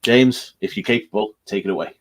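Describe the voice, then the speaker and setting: A man co-hosting a casual podcast, speaking haltingly with many fillers. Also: fairly low pitch. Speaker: podcast co-host.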